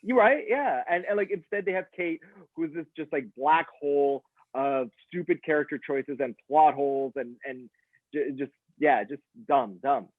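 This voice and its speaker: A man's voice: on the high side, moderate pace, no room sound. Stammering young man, tinny phone-like sound. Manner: stammering, repeats words as he talks. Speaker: movie review co-host. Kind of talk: casual chat.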